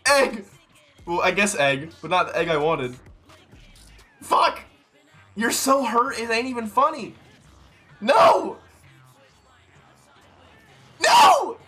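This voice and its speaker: A man streaming a video game, chatting casually, swearing, laughing and yelling in bursts. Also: very high-pitched, huge pitch swings, takes it slowly, long pauses, husky, soft background music. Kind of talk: casual gaming banter.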